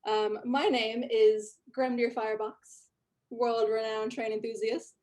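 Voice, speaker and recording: A puffed-up, bookish male dwarf who collects trains and talks down to everyone, as a woman game master puts him on. His voice sits raised and a touch louder than her plain narration, grand and self-satisfied, in a tabletop role-play. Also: a little high, level tone, measured pace, lightly acted. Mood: pompous. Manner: grandiose, condescending. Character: pompous nerdy male dwarf train enthusiast.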